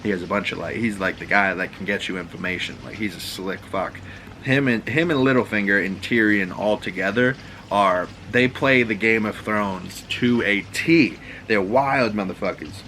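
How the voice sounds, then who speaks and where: A man's voice: lowish voice, moderate pace, sharp tone, slight background noise, low-quality recording. A man with a Boston accent casually recapping a TV show at home, talking loose, rambling and profane. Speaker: podcast host. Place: home room with water running next door.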